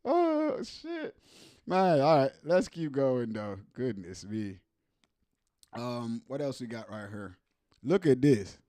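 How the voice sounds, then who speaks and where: A man's voice: medium pitch, sing-song, slow, mellow. A man hosting a casual show, reacting to viral clips with lots of slang and laughter and mimicking the people in them.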